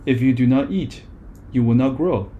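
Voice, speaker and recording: A man's voice: mid-range voice, moderate pace, phone-quality sound, natural voice. A man voicing a fussy, snappish female terrier dog in a read-aloud story. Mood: huffy. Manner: snappy, huffy storybook lines.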